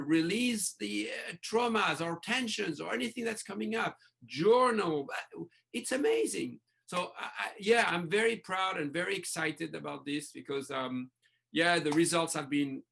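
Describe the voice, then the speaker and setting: High, gravelly man speaking passionately. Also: a bit bright. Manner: passionate, restarts phrases, speaks in bursts. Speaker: breathwork coach, podcast guest. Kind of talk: enthusiastic interview talk.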